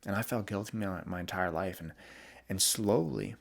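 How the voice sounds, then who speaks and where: A young man hosting a podcast, talking candidly and vulnerably in a reflective monologue, often halting and restarting. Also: low voice, creaky. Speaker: podcast host.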